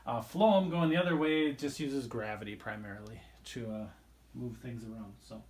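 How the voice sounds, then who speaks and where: A man's voice: mid-range voice, moderate pace, a little mellow. Casual male biology teacher, echoey room. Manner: casual, rambling, drawing while explaining. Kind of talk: recorded video lesson.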